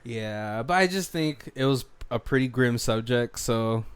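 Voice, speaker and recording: A man's voice: medium pitch, expressive, measured pace, clean tone. A man co-hosting a movie commentary podcast in casual chat, rambling with lots of fillers and frequent laughter. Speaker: podcast co-host. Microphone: studio mic.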